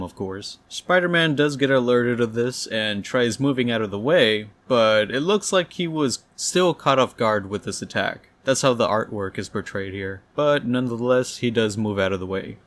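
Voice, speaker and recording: A man reviewing a comic book, retelling the plot in a plain, steady, casual way. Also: fairly low pitch.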